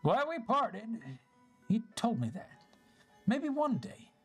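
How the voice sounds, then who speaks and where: A streamer voicing an ancient, wistful little forest spirit from a game, with a slow storybook lilt. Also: mid-range voice, sing-song, slightly rough, faint music behind, exaggerated voice. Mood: solemn. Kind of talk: reading game dialogue aloud.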